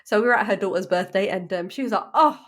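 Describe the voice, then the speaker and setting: A woman, co-hosting a podcast and telling lively stories with frequent laughs. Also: medium pitch. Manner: lively storyteller, quick to laugh. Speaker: podcast co-host. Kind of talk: casual chat.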